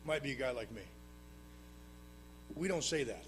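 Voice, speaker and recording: In an animated voice at a moderate pace, a man relates his own recovery to a live audience at a meeting. Dry humor and plain talk mark his delivery, which swings between loud emphasis and low, hushed asides. The recording carries a little hiss or hum.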